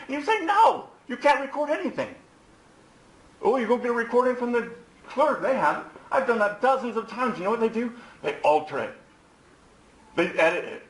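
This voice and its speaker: A hoarse man in his forties, a defendant addressing the court in a heated, accusatory rant. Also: sits high, a bit bright. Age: 40s. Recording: echoey courtroom recording.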